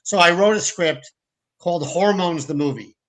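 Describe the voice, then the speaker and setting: Heard on a low-quality recording, a film director with a high voice talks at normal speed as a guest in a casual interview. Telling stories, he acts out quotes in put-on voices and keeps restarting his sentences.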